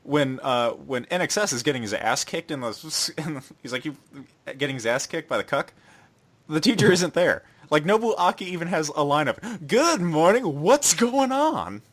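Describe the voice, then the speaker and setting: A man's voice: fairly high pitch, expressive, brisk, a bit bright. A young man co-hosting a casual podcast, recapping an anime and acting out its characters' lines in shifting voices. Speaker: podcast co-host.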